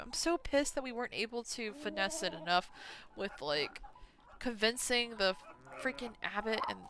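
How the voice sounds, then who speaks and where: Expressive woman streamer, swearing and laughing. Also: on the high side, moderate pace. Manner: expressive, swears when frustrated, laughs often. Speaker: game streamer. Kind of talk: casual gameplay commentary.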